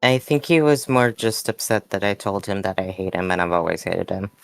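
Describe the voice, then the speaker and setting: A tabletop player speaking in character, hesitant and halting, often repeating words. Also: low-pitched, fairly even intonation, gravelly, dry recording, soft background music.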